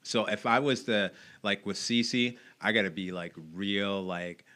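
A man's voice: lowish voice, unhurried, bright, forceful tone. A man in a casual podcast conversation, telling stories animatedly and acting out the voices of the people he quotes. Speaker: guest.

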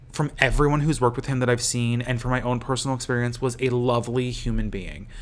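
A man hosting a podcast, in casual chat that is rambling and profane. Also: mid-range voice. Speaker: podcast host.

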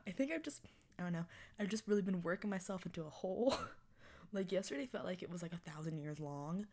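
Her voice lowish and a little mellow, a Texan podcast host in her early twenties talks casually on her own show. The chat is rambling and self-deprecating, full of laughter.

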